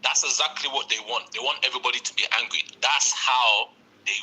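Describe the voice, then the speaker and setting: A man's voice: mid-range voice, steady tone, a little fast, sharp tone, husky. A man calling in from abroad with a British-Nigerian accent, blunt and emphatic. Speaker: caller. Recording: tinny phone line.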